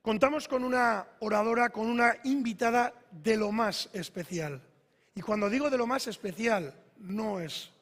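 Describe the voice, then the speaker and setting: A man's voice: sits high, a bit bright, breathy edge. A man, formally introducing a guest speaker on stage. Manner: formal, building up to applause. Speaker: event host. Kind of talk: formal stage introduction, switching between Basque and Spanish. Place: large conference hall. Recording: long hall reverb.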